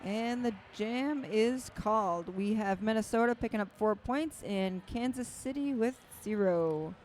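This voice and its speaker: A woman announcing a roller derby bout live, making brisk, matter-of-fact calls with dry quips. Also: on the high side, darkish tone, a little hiss or hum. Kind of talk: live sports commentary.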